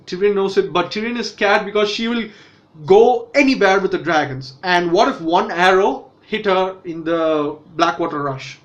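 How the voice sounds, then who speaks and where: A man's voice: sits high, normal speed, lo-fi sound. A man casually reviewing a TV episode, rambling with fillers and restarts. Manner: rambling, many self-corrections and fillers. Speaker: TV show reviewer.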